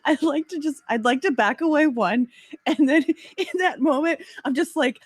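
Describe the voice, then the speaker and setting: Giggly woman player, kinda high voice, swears, dry mic. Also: moderate pace, no room sound. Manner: giggly, swearing, thinks aloud. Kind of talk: playing a tabletop game.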